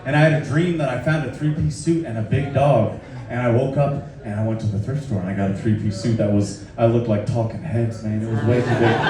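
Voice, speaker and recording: A man telling a loose, profane, self-mocking story on stage between songs. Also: medium pitch. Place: live venue with audience. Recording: echoey live room, far off, crowd. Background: crowd laughing.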